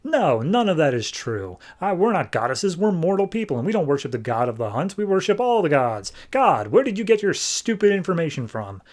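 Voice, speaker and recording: Haughty comic-book warrior woman, raised in pitch and scornful, as a man puts her on. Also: sing-song, a little fast, hardly any pauses. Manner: mocking and dismissive.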